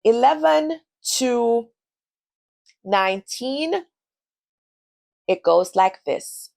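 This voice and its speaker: A woman's voice: medium pitch, animated, slow pace, dry recording. A woman teaching a beginner Spanish lesson, spelling words out letter by letter and modeling pronunciation for the listener to repeat. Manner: switches between English and Spanish, modeling pronunciation. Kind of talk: scripted language lesson.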